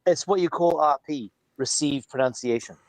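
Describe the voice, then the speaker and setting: A man's voice: fairly high pitch, normal speed, no echo, poor audio. A man co-hosting a casual live-stream discussion, playful, now and then breaking into theatrical recitation. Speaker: co-host.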